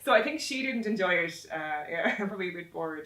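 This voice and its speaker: A woman's voice: lowish voice, expressive, brisk, a bit bright. A woman co-hosting a casual film review chat. She talks in a chatty way and steers the talk with questions. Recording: roomy, mic at a distance.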